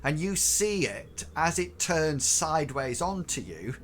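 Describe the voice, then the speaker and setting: A man's voice: fairly high pitch, very animated, measured pace, fairly bright tone. A man narrating as game master, hesitant and full of fillers and restarts. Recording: noisy recording.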